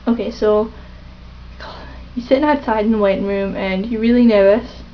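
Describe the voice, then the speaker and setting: A woman rambling hesitantly in a casual confessional vlog, with lots of pauses and ums. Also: fairly high pitch. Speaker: vlogger. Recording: dull lo-fi webcam audio.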